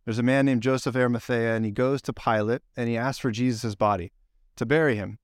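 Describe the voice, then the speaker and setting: A man preaching a casual, conversational sermon, telling the story with lively acted-out quotes. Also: medium pitch, brisk, dry recording, clean studio sound. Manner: animated storyteller, acts out quoted lines. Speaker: pastor.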